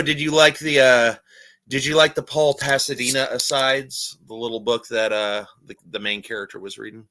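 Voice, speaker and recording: A man chatting casually in a vlog, rambling with many fillers and restarts, telling stories in an animated way. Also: medium pitch. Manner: animated storytelling. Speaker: vlogger and amateur magician.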